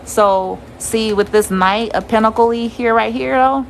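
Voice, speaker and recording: A woman giving a casual tarot reading to her viewers, blunt and quick to swear and laugh. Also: a little high, vocal fry, a little hiss or hum, poor audio. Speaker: tarot reader.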